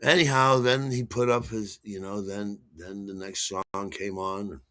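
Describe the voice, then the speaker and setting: A man's voice: on the low side, fairly even intonation, a little slow, sharp tone, no room sound, clean studio sound. A man hosting his own show, telling a story casually in a rambling way with frequent chuckles and repeated words. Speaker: podcast host.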